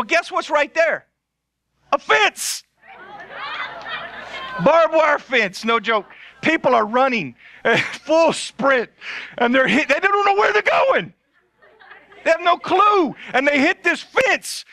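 A male pastor telling a funny story in a sermon, animated and laughing often. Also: very high-pitched.

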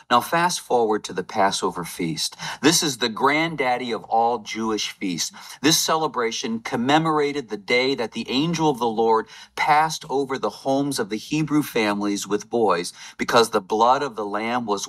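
Lower-voiced man telling a sermon story. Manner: lively storytelling with game-show asides. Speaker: lay preacher. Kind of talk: Palm Sunday sermon.

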